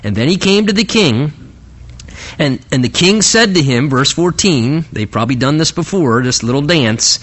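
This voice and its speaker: A man's voice: medium pitch, lively intonation, normal speed, a bit bright. A man preaching a conversational sermon, often stammering and restarting his phrases. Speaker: pastor. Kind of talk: sermon, Bible teaching.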